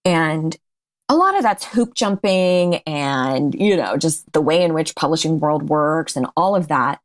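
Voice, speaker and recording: A woman's voice: deep voice, lively intonation, a little slow. A woman speaking as a podcast guest in casual interview chat, candid and laughing often. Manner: candid, laughs often, restarts mid-sentence.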